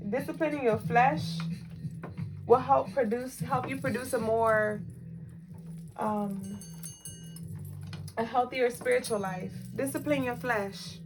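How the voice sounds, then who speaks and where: A woman's voice: fairly high pitch, steady tone, slow, pauses often. A woman co-hosting a spiritual livestream in a casual, repetitive, emphatic way, talking straight to her viewers. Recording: music playing behind the voice.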